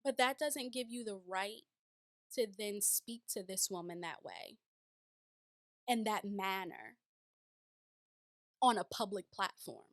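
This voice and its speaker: A woman's voice: medium pitch, animated, slow, long pauses, a bit bright, no room sound. A woman giving casual, emphatic reaction commentary on a reality show, with many rhetorical questions.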